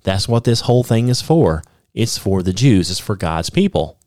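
A man teaching the Bible on a podcast, explaining step by step with many "okay?" checks and reading scripture aloud slowly with emphasis. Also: lowish voice, animated, a little mellow, no echo, clean studio sound. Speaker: podcast preacher.

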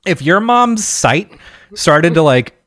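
A man's voice: fairly high pitch, sing-song, takes it slowly, fairly bright tone, no room sound, clean studio sound. A man hosting a casual podcast chat, laid-back and joking, laughing along with his guest. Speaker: podcast host.

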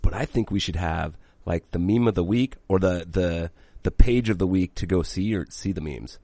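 A man co-hosting a podcast in casual, animated chat, swearing freely. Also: deep voice, normal speed, no echo. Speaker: podcast co-host.

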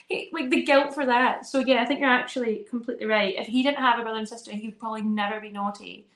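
A woman in her thirties chatting casually as a podcast co-host, telling animated stories and acting out her kids' voices. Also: fairly high pitch, rapid-fire, few pauses, roomy sound. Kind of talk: casual chat.

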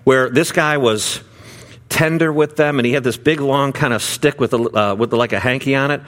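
A man's voice: mid-range voice, moderate pace, fairly bright tone. Man preaching in a loose, chatty way. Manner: conversational, many fillers and restarts. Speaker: pastor. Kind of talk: sermon with storytelling.

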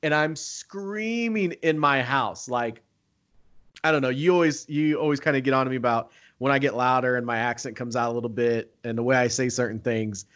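A man chatting casually as host, telling an excitable story and acting out what people said. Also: mid-range voice, brisk. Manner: excitable storyteller, acts out quoted talk. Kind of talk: casual chat.

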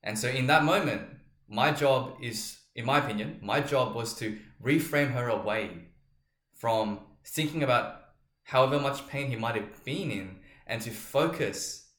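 A man's voice: medium pitch, fairly bright tone. Earnest, reflective male podcast host with a mid-range voice, recorded in an echoey room. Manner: earnest and reflective, explaining slowly with examples. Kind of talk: solo podcast monologue.

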